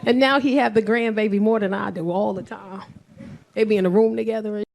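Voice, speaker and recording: A middle-aged woman doing a loud, brash, profane stand-up set on a comedy club stage, acting out characters in quick voices, with the audience laughing behind her. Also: medium pitch, steady tone, gravelly. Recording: live club recording with faint crowd.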